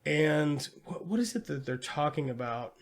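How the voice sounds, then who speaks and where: A man with a slightly higher voice recaps a film plot in a loose, profane way. He jumps into quick impressions of the characters as he goes. It sounds like an easygoing chat between friends about movies. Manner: animated retelling with acted-out quotes and swearing. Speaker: podcast co-host. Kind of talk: casual movie review chat.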